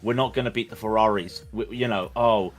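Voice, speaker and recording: A man's voice: on the low side, steady tone, brisk. Rambling, stammering male race commentator. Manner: rambling, stammering restarts, jokey. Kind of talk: casual commentary chat.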